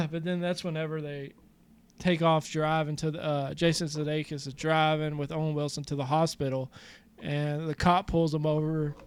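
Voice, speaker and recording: A man's voice: a little high, level tone, moderate pace, clean tone. A young man co-hosting a podcast, casually recapping a comedy film in a loose, profane way. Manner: loose, profane retelling with quoted lines. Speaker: podcast co-host. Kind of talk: casual movie-recap chat.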